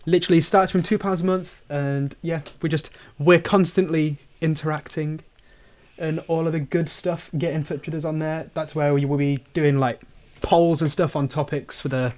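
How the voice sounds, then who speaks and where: A man co-hosting a podcast, speaking in a relaxed, matter-of-fact way as he points listeners to the show's support page. His voice sits a little high for a man. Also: moderate pace. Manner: relaxed, plugs the show matter-of-factly. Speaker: podcast co-host. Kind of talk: casual chat.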